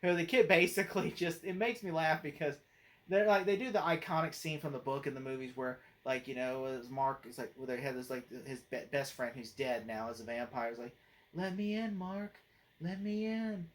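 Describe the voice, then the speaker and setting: A movie critic who hosts his own channel gives a casual spoken film review in a brisk, mid-range male voice with fairly even intonation. He rambles from one point to the next, leaning on "like" and "you know," and laughs easily along the way.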